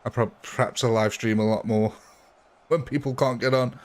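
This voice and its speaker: Male live streamer, mid-pitched, casual and chatty, laughs often, talks to his chat at a desk mic. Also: steady tone, moderate pace.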